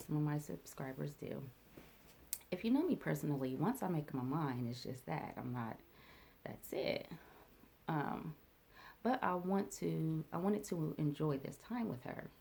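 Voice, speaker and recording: Low, slow, gravelly-voiced woman vlogger. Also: warm tone. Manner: reflective, halting, many fillers and restarts. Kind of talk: personal storytelling vlog.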